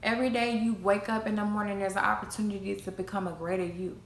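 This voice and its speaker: A woman's voice: medium pitch, flat delivery, fast, creaky. A young adult woman giving an emphatic motivational talk about self-esteem, repeating her key phrases like a preacher. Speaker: motivational vlogger. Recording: echoey room, faint noise.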